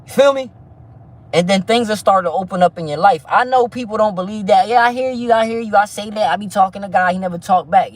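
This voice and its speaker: A man with a slightly higher-than-average voice talks loosely to his livestream viewers. He preaches about faith one moment and curses out the chat the next. He is heavy on street slang and keeps circling back with "you feel me". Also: quick pace. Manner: stumbling restarts, frequent "you feel me". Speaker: livestream host.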